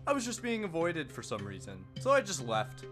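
A man's voice: fairly high pitch, wildly swooping pitch, fairly quick, a bit bright, pitched below the performer's own voice. A man voicing a lonely, grumpy double of himself who says everyone avoided him, in a Minecraft comedy skit. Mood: sulky. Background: background music.

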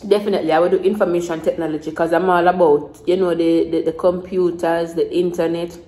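A woman's voice: fairly low pitch, little pitch movement, quick pace, mellow, echoey room, rough recording. A Jamaican woman in her twenties rambling in casual mukbang chat to the camera, repeating herself in Creole phrasing. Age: 20s. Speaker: vlogger.

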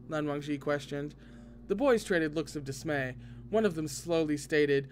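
A man reads a novel aloud with expressive delivery, breaking in with excited asides now and then. His voice sits fairly high for a man. Faint noise runs underneath. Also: unhurried. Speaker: podcast reader. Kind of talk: reading a novel aloud with reactions.

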